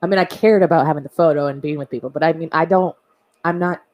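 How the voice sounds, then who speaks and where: A woman in a casual podcast chat, rambling through a memory with asides and soft laughs. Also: deep voice, fast.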